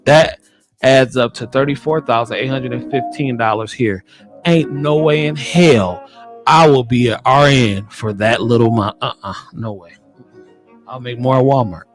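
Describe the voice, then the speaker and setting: An American man hosting a nursing podcast, reading news items aloud and reacting bluntly with animated exclamations. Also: mid-range voice, normal speed, soft background music. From United States. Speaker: nurse podcast host. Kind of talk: casual commentary on news articles.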